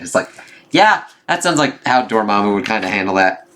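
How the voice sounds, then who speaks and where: A man's voice: on the low side, sing-song, brisk, sharp tone, slight background noise. A man giving a casual, loosely conversational review, recounting a comic issue and reading its dialogue aloud. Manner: loose conversational retelling with fillers and swearing; reads quoted dialogue aloud mostly in his own voice.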